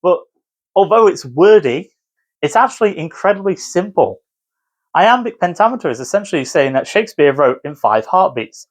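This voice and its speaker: A man's voice: high-pitched, sing-song, moderate pace. A man who teaches, talking casually to camera, rambling and correcting himself as he explains. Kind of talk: casual video commentary.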